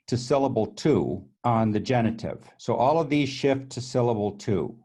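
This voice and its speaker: A man's voice: fairly low pitch, a little mellow. A man teaching Greek grammar, walking methodically through tables on screen and often restarting his phrases.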